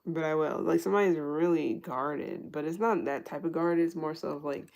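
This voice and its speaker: A woman's voice: sits low, normal speed, gravelly, hardly any pauses, darkish tone. A woman giving a casual tarot reading who thinks aloud, restarts her sentences, swears freely and laughs often. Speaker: tarot reader.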